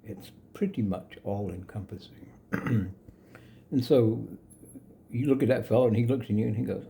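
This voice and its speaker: A man's voice: on the low side, normal speed, vocal fry, long pauses, warm tone, slight background noise. An older man giving a rambling, casual spoken lesson on yoga, chuckling often and correcting himself as he goes. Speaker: yoga teacher.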